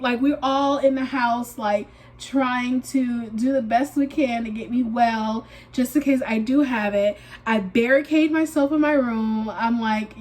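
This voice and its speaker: Bubbly high-voiced woman vlogging. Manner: animated storytelling, acting out her own panicked quotes; uses y'all and filler likes. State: congested, recovering from a sinus infection. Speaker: beauty vlogger. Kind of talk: casual get-ready-with-me chat.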